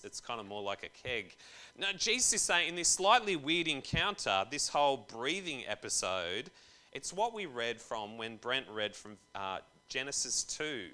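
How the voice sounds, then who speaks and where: A man's voice: medium pitch, very animated, a little slow, sharp tone. A young man giving a casual, jokey sermon to a church group, full of slang and asides.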